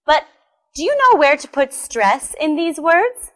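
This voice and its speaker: A young woman teaching English pronunciation, speaking slowly and carefully as in a classroom. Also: sits high, sing-song. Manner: slow, careful classroom enunciation. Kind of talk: recorded pronunciation lesson. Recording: soft music behind.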